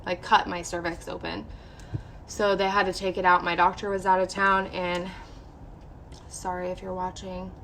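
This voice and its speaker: A woman's voice: fairly low pitch, little pitch movement, moderate pace, fairly bright tone, a little hiss or hum. A young woman vlogger candidly telling a personal story to her viewers, emotional and full of "like". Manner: candid, emotional, heavy use of "like".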